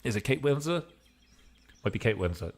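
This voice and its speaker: A man's voice: medium pitch, lively intonation, moderate pace. A man giving casual gameplay commentary as a streamer, in a goofy mood with joking asides. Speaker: gaming streamer.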